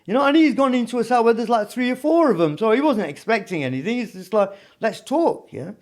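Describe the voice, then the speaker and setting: Rambling man with a high voice. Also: lively intonation, fast. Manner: rambling, full of "you know what I mean". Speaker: podcast guest. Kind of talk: casual storytelling interview.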